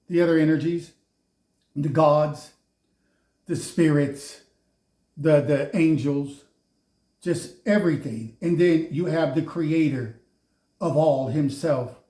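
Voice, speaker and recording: A man's voice: fairly high pitch, mellow. A man giving a casual spiritual tarot reading, preachy and mocking, often laughing at those he speaks of. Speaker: tarot reader. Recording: roomy echo.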